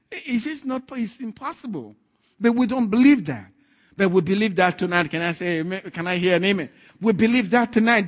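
High-pitched guy preaching a sermon, fired up, laughing between lines. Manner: fervent, rising to loud declarations, chuckling asides.

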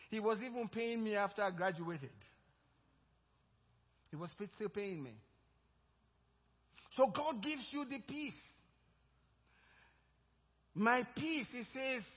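A male pastor preaching a sermon, moving from personal storytelling to fervent exhortation. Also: high-pitched. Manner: storytelling, then rising to loud fervent exhortation. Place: church sanctuary. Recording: dull lo-fi church recording with long reverb.

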